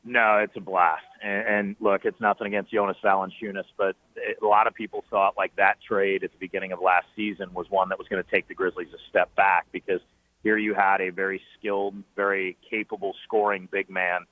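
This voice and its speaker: A man, a team's play-by-play broadcaster, telling animated stories as a guest on sports talk radio, with many fillers and restarts. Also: sits low, fairly quick. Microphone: phoning in. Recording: tinny phone line.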